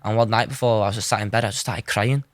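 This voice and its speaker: A man's voice: on the low side, fairly even intonation, fast talker, no echo, studio quality. A young man, a guest telling his story in an earnest, informal way, often saying "you know". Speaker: guest, goalkeeper. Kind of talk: candid interview storytelling.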